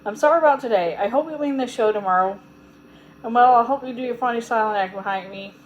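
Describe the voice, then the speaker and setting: A woman's voice: fairly high pitch, slight background noise, close to an everyday voice, rough recording. A woman reading aloud voices an eager schoolgirl who talks in a rush. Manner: eager, apologetic, rushed. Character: lively schoolgirl putting on a show.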